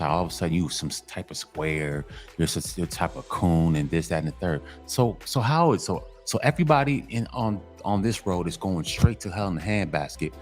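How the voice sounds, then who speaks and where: A man's voice: low-pitched, a little mellow. A man delivering a casual monologue to other men, emphatic and repetitive, in a preachy tone. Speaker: commentary channel host.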